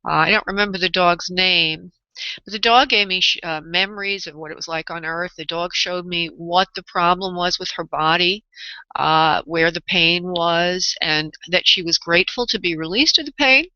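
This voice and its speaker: A New York-accented woman hosts a live call-in psychic radio show, chatty and laughing often as a psychic medium. Her voice is lowish, bright, and forceful with no echo, though the internet radio audio sounds dull and lo-fi.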